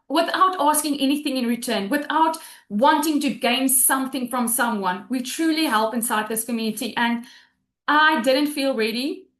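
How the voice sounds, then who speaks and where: A high-pitched woman speaks over a video call from a roomy, echoing space. She tells her story emotionally, halting and restarting as she fights back tears. She sounds to be in her thirties. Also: a bit bright. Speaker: webinar guest sharing her story. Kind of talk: emotional testimonial on a webinar.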